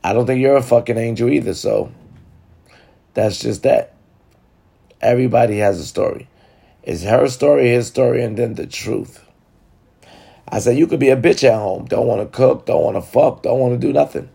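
A man's voice: medium pitch, moderate pace, vocal fry, long pauses, dark tone, breathy edge. A man talking to viewers in a blunt, profane, casual monologue, giving relationship advice. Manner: blunt, profane and talkative, addressing viewers directly.

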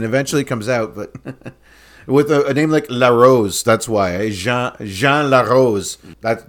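Laughing man in casual chat. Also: medium pitch. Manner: laughs often, repeats himself when starting sentences. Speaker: podcast co-host.

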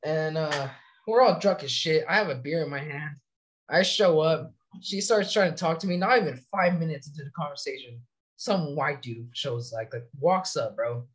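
A man's voice: fairly high pitch, normal speed. A young man from California, a soldier, telling long profane stories in casual chat. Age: young adult. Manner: profane, rambling storytelling. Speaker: soldier podcast guest.

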